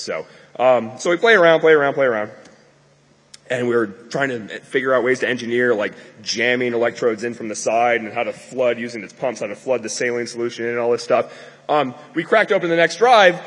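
A man's voice: medium pitch, a bit bright, breathy edge, long reverb tail. A man giving a live conference talk to an audience, rambling and joking with many fillers. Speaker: conference speaker. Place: lecture hall with an audience.

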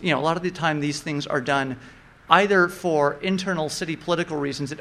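A man giving an explanatory talk, measured and methodical, with occasional fillers and restarts. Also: fairly high pitch, fairly bright tone.

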